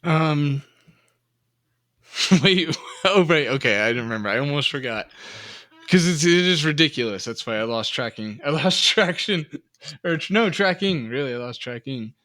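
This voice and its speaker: Bright-voiced man podcast co-host. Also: fairly high pitch, lively intonation, moderate pace. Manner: rambling, self-deprecating, laughs often. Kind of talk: casual chat.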